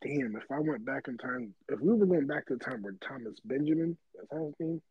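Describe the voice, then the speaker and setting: A young man in casual chat, slangy and animated, laughing often. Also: medium pitch, a little fast, breathy edge, no echo, phone-quality sound.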